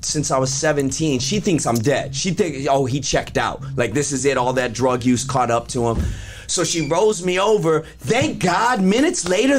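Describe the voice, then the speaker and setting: Profane laid-back storytelling man. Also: on the high side. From Los Angeles area. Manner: loose, profane, laughing storyteller. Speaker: guest performer. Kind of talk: casual storytelling.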